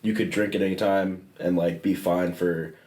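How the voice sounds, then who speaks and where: A man with a low voice asks questions hesitantly on a casual podcast, filling pauses with "like" and "um". The sound is roomy and echoey. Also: level tone, a little mellow. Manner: hesitant, many fillers. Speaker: podcast host. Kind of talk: casual conversation.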